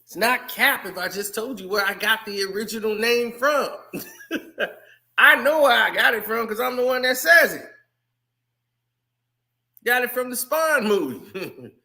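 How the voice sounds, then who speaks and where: A man giving casual, animated sports commentary on his channel, laughing often. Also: very high-pitched, a little slow, pauses often. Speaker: YouTube commentator.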